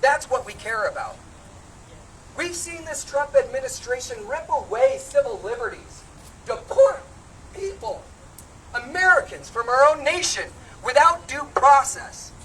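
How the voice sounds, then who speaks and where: A woman's voice: high-pitched, big pitch swings, a little slow. A woman running for office giving an impassioned rally speech outdoors at a protest, recorded from a distance. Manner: impassioned, builds to shouted call-and-response. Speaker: congressional candidate speaking at a protest. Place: outdoors on steps at a street protest. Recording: distant street recording with crowd noise.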